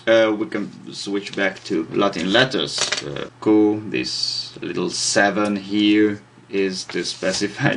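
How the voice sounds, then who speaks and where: Slow, halting man explaining at a board. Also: lowish voice, vocal fry, fairly bright tone, a little hiss or hum. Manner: hesitant, many fillers, self-deprecating asides. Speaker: language teacher. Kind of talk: informal explanatory lesson.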